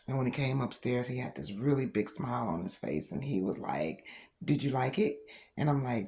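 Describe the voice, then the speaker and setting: A woman's voice: rumbling low, moderate pace, gravelly. A middle-aged woman who has grandchildren, telling a personal story in a casual doll-collecting vlog with frequent laughter. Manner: animated storytelling, laughs often. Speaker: reborn doll vlogger.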